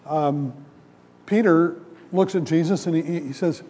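A man's voice: fairly high pitch, fairly quick, a little mellow, slightly rough. A male pastor giving a sermon in a conversational storytelling way, acting out the voices in a parable. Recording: long hall reverb.

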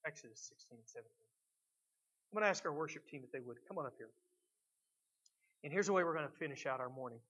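A middle-aged man preaching a sermon as pastor, swinging between loud emphatic lines and quiet reflective ones. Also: fairly high pitch, lively intonation, fast, long pauses, low-quality recording.

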